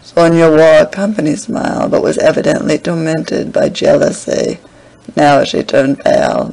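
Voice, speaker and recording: A man's voice: fairly high pitch, gravelly, darkish tone, low-quality recording. A man narrating a classic novel as an audiobook reader, reading steadily. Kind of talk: scripted narration.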